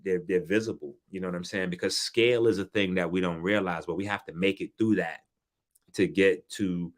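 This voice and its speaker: A man speaking as a wellness guest in a casual explanatory way, animated, often asking "you know what I'm saying" and getting loud to stress a point. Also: lowish voice. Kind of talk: casual explanatory talk on a panel.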